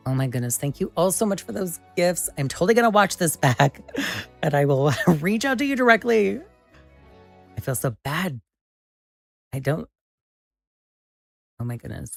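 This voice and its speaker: A woman hosting a live stream, chatting casually and excitably with viewers as she builds, often exclaiming and laughing. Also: fairly low pitch, normal speed, vocal fry, pauses often, faint music behind. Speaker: livestream host.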